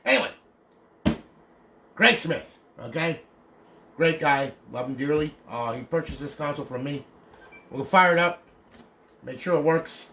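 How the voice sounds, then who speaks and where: A man's voice: fairly high pitch, expressive, measured pace, vocal fry, long pauses, bright, forceful tone, a little hiss or hum. A man selling and demonstrating modded consoles on a casual livestream, talking bluntly, ranting, and asking "okay?" after nearly every point. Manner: swears casually.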